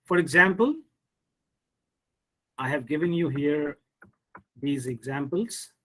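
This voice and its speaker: A man leads a pronunciation lesson in a high, light voice. He talks slowly and patiently. He drills each word in a deliberate, repetitive way. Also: bright, forceful tone, low-quality recording. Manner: slow, repetitive drilling with frequent "hmm" and "you see". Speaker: English pronunciation teacher. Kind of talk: online lecture on word stress.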